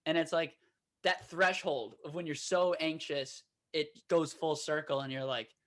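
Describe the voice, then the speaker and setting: Young guy, high voice, profane and animated, casual podcast storyteller. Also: measured pace. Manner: profane, animated storyteller, shouts quoted lines. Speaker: podcast co-host.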